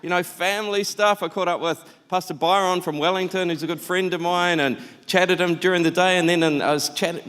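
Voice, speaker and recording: A man preaching a sermon as pastor, telling stories in an animated, conversational way. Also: high voice, brisk, hardly any pauses, clean tone. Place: church auditorium. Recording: church hall reverb.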